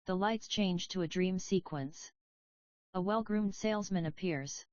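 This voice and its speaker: A woman reading a play aloud as an audiobook, giving the stage directions in a plain, even way. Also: fairly low pitch, measured pace, no room sound, dull audio. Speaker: audiobook reader. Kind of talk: scripted narration of a play.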